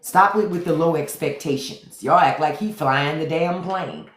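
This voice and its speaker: A man's voice: fairly high pitch, moderate pace, fairly bright tone. A middle-aged man hosting a casual livestream, blunt and profane, greeting his chat by name as he comments. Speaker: livestream host. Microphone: phone. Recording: echoey room.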